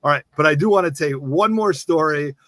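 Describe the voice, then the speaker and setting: A man co-hosting a casual comic collecting show, telling stories excitedly and acting out other people's lines. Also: on the high side, brisk, no echo. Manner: excitable, acts out quotes in raised voices. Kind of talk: casual chat, animated storytelling.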